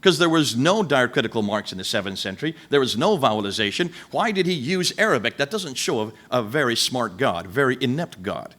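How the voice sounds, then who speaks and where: A man lectures to a live audience in a rhetorical, questioning manner. His pitch sits in a middle range but swings widely as he presses his points. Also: very animated, a little fast, few pauses, a bit bright.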